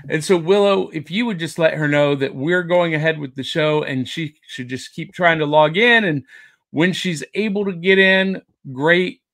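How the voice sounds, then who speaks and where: A man's voice: a little high, fairly bright tone. A man hosting a pop culture podcast, with jokey, upbeat showman patter. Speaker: podcast host. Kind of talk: casual podcast chat.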